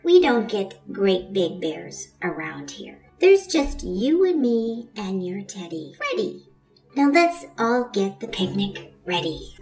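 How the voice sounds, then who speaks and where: A calm storybook mother, lower and softer than the rest of the tale, soothing and gently brushing off fears, as a woman reads her aloud. She speaks slowly. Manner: soothing, dismissive.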